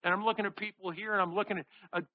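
A man preaching a sermon, reading scripture and acting out the people in the story with animated delivery. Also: sits high, rapid-fire, dry recording, narrow, tinny audio. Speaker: pastor.

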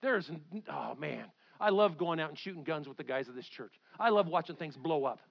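A man in his fifties preaching a sermon from the pulpit, animated, shifting between loud outbursts and quiet intensity. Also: fairly high pitch, fairly quick, creaky, highs cut off. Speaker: pastor. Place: church sanctuary.

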